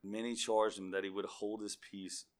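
A man's voice: lowish voice, little pitch movement, moderate pace. A man preaching a sermon, reading scripture aloud and calling out to his congregation.

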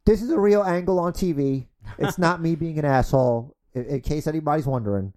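A man hosting a podcast, calling mock wrestling play-by-play and chatting in an energetic, crude, fast-talking way. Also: on the high side. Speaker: podcast host.

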